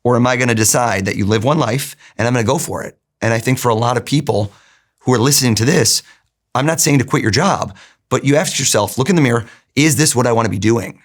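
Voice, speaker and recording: A fast-talking middle-aged man with a mid-range voice is being interviewed as a guest. He's a mentalist, and his storytelling is animated, full of acted-out quotes.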